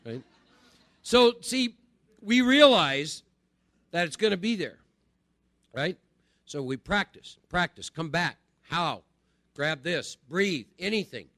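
A man's voice: a little high, lively intonation, measured pace, sharp tone, no room sound, clean studio sound. A middle-aged man gives a conversational spiritual recovery talk to a group, often checking in with "right?". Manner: conversational, repeats phrases and asks "right?". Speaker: recovery speaker.

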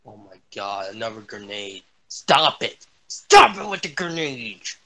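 A young man swearing and yelling his way through a shooter game as a gaming streamer. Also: medium pitch, sing-song, unhurried. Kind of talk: angry gameplay commentary.

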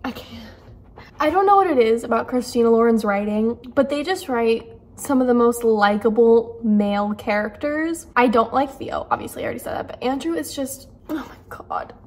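A woman's voice: a little high, expressive, brisk, darkish tone. Gushing young woman in a chatty book vlog. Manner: gushing, emotional, chatty with many fillers. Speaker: book vlogger. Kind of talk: casual reading vlog.

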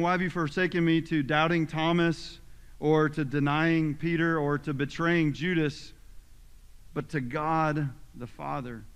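A man's voice: on the high side, a bit bright, clean tone. A male pastor delivering a sermon, reading scripture with emphatic, dramatic force. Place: church sanctuary. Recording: long reverb of a church hall.

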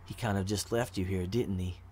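A man reading the lines of a calm, unfazed woman adventurer, spoken in a flat, quiet way. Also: low voice, a little fast, slight background noise, natural voice. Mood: cool.

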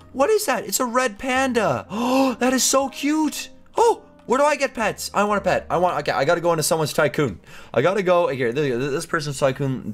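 A man narrates his gameplay in casual let's-play style, gasping and squealing at things he finds. His voice swoops high and low in lively bursts, with faint music playing underneath. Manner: excitable, gasping and squealing in delight. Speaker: gaming video creator.

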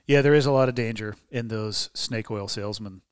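A man's voice: lowish voice, fairly quick, smooth, dry recording, studio quality. A man hosting a podcast, joking and swearing casually in conversation. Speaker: podcast host. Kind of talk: casual chat.

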